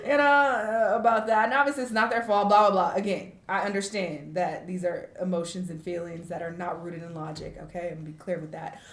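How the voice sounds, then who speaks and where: Frank, tearful woman vlogging in an echoey room. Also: lowish voice. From United States. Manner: frank and reflective, with fillers and emotional pauses. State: tearful at times. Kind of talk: candid talking-to-camera vlog.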